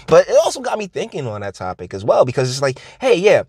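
A man's voice: medium pitch, very animated, a little fast, few pauses, darkish tone, dry recording. A man ranting casually on his vlog, rambling and interrupting himself, laughing often. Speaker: vlogger. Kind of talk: casual comedic rant.

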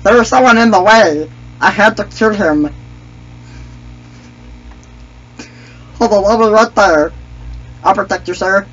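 Goofy excitable alien sidekick, put on by a man for game commentary; husky, muffled mic. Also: high voice, normal speed. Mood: eager. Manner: refers to himself in third person, brash trash talk. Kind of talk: gaming commentary in a character voice. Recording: dull lo-fi mic.

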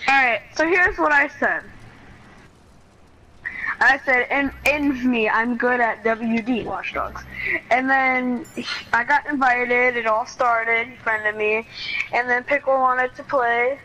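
A woman's voice: on the high side, takes it slowly, pushed and bright, a little hiss or hum, low-quality recording. A woman streaming a video game, rambling through a story about chat messages and giggling often. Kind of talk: casual gaming stream chat.

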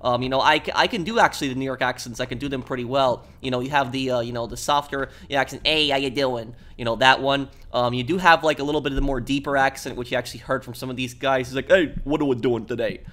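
A man's voice: medium pitch, fairly even intonation, fast, hardly any pauses, bright, forceful tone. Chatty male gameplay commentator. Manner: chatty, with many ums and you-knows. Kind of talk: casual let's play commentary.

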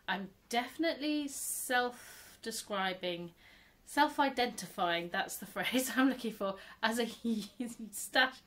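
A woman talking casually to camera as host of her own crafting show. She rambles warmly between hesitations, often pausing on an um or slipping into a small laugh. Her voice sits at a medium pitch for a woman. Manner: chatty, hesitant with frequent ums and little laughs. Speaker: crochet podcast host.

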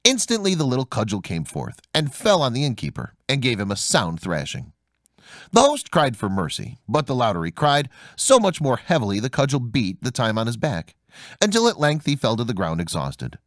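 Animated male storybook narrator. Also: moderate pace, no echo, studio quality. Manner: highly animated, swooping pitch on dialogue. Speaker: audiobook narrator.

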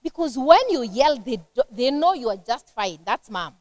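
High-voiced Kenyan woman teaching parents. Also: moderate pace, no room sound. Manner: lively, conversational teaching that acts out everyday scenes. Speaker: guest speaker at a church parenting seminar. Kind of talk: seminar talk to a church women's group.

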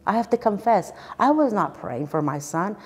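A woman's voice: mid-range voice, very animated, moderate pace, darkish tone, husky, in a large hall. A woman in her fifties giving an emotional personal testimony, earnest and repeating phrases for emphasis. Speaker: church speaker sharing her testimony.

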